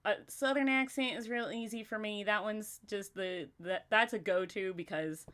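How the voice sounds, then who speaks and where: A woman hosting a casual livestream chat, talkative and quick to laugh, often talking to herself as she goes. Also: medium pitch, fairly bright tone. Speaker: livestream host.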